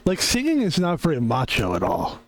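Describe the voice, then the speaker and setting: A man's voice: mid-range voice, wildly swooping pitch, brisk. A man streaming a game, chatting casually in a rambling, tired way with lots of fillers. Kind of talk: casual gaming stream chat. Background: game music.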